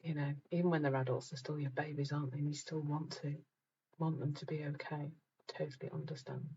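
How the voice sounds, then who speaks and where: A woman's voice: sits low, steady tone, brisk, mellow, highs cut off, slight background noise. A middle-aged woman hosting a live group talk, chatting casually with viewers, reading out their comments and laughing at herself.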